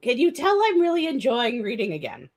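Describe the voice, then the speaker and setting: A young woman talks casually to her stream audience with a slightly high-pitched voice. She rambles excitedly, stumbling and restarting her sentences. She breaks into laughter often. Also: a little fast. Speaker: streamer hosting a write-with-me stream. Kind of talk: casual live-stream chat.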